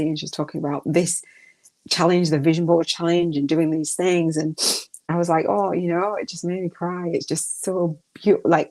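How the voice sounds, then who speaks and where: A woman's voice: low-pitched, a little mellow. A middle-aged woman hosting a spiritual podcast, talking casually in a rambling, emotional way with many restarts. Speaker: podcast host.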